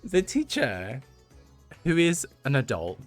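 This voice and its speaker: A man's voice: mid-range voice, huge pitch swings, takes it slowly, soft background music. A man in his thirties, a livestream host telling a story to his chat, talking casually and laughing often. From United Kingdom. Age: 30s.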